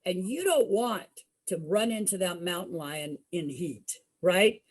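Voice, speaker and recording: A woman's voice: fairly low pitch, unhurried. A woman entertainer telling a spooky story to an audience dramatically, asking them questions as she goes.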